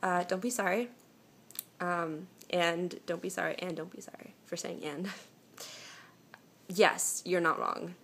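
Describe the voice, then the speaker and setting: Creaky-voiced young woman giving advice. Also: on the low side, fairly even intonation, slow pace, pauses often, a bit bright, a little hiss or hum. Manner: chatty and reassuring, with many "um"s and restarts. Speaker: vlogger answering viewer questions. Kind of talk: casual advice chat. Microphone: phone camera.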